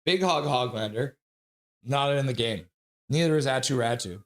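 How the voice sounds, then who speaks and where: A man's voice: mid-range voice, moderate pace. A man hosting a casual live stream, reading viewer comments aloud and greeting people by name, sniffly with a runny nose. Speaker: livestream host.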